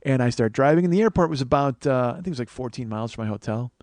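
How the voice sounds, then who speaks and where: Fast-talking profane comic storyteller, man. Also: mid-range voice, lively intonation, a little mellow, dry recording. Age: 40s. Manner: rambling, profane, self-mocking, with lots of fillers and acted-out quotes. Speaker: comedian host.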